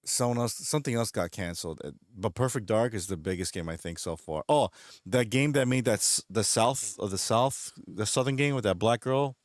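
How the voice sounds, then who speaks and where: A man's voice: on the low side, brisk, no room sound, studio quality. A man streaming, chatting casually while gaming, rambling along and laughing often. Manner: rambling, laughs often, does goofy voices in retold scenes.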